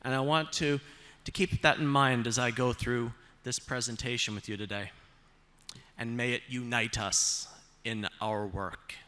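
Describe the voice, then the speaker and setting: A man's voice: mid-range voice, steady tone, unhurried, bright, forceful tone. A man delivering a conference keynote speech on stage, upbeat and joking as he speaks straight to the audience.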